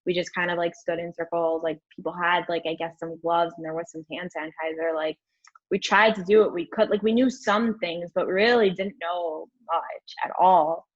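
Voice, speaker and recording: A young woman guest telling a candid story in an interview, rambling and animated, filling her speech with "like". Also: on the low side, moderate pace. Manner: rambling, animated, heavy use of "like". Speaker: podcast guest. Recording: dull lo-fi audio.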